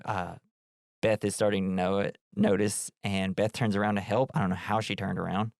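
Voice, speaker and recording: A man's voice: lowish voice, normal speed, gravelly, no room sound, clean studio sound. A man co-hosting a podcast, recapping a film in casual chat and acting out quotes. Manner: animated storytelling with put-on quote voices.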